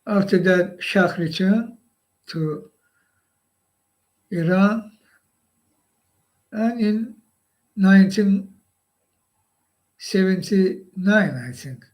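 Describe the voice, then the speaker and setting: Slow-talking man, high voice, halting phrases. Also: a little mellow, low-quality recording. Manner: halting, short phrases with rhetorical "huh?". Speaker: live stream host. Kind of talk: political monologue.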